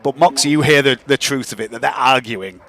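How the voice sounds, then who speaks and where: A man's voice: mid-range voice, fairly quick, pushed and bright. A man narrating as game master of a tabletop game, loose and laughing, with many fillers.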